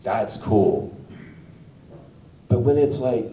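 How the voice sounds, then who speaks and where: A man's voice: fairly low pitch, expressive, a little slow, long pauses, darkish tone, a little hiss or hum. A middle-aged man speaking as a guest on a convention panel, telling a story to a live audience with lots of animation and acting out other people's lines in raised voices. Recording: roomy hall sound, mic at a distance.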